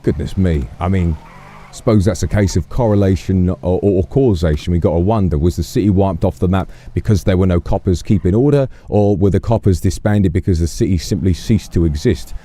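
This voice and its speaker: A man's voice: deep voice, fairly quick, mellow. A man with a Cockney accent playing a police officer in an online game roleplay, chatting and musing aloud with many restarts. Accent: Cockney London.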